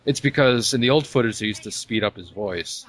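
A man co-hosting a podcast, explaining things in a relaxed, casual way. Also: medium pitch, a little fast, a little hiss or hum. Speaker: podcast co-host. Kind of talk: casual chat.

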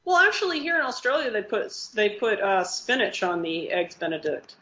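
A woman co-hosting a casual podcast chat, excitable and quick to swear, often restarting her sentences. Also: medium pitch. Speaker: podcast co-host. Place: living in Australia. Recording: slightly dull lo-fi podcast audio.

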